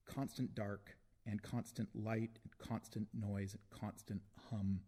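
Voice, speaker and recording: A man reads his poetry aloud at a book launch, his voice pitched low and his phrases unhurried. He lingers between lines and lets each word land with deliberate weight. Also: level tone, warm tone. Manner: slow, deliberate delivery with long pauses. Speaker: poet reading his work. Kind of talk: live poetry reading. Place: book launch reading before an audience.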